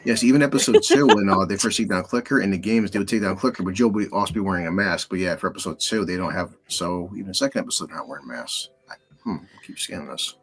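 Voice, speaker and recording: A man on a casual live discussion panel, talking in a quick, rambling way while checking episodes. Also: low voice. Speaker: panel guest.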